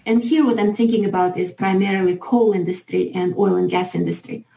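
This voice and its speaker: Halting woman with a gravelly voice. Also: medium pitch, fairly even intonation, warm tone, roomy sound, poor audio. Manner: hesitant, halting with fillers. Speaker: interviewee, policy speaker.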